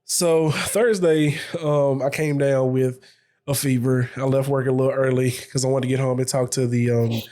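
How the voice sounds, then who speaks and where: A man's voice: mid-range voice, steady tone, moderate pace, warm tone. A man co-hosting a podcast, ranting in loose, profane casual chat and laughing often. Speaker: podcast co-host.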